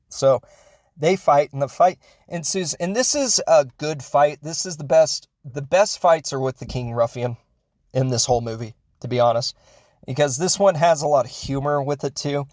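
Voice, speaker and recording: Young guy, comedic film reviewer, rambling jokey recap, mid-pitched, dry close sound. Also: a little mellow, no echo. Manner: jokey, goofy, self-correcting, makes sound effects.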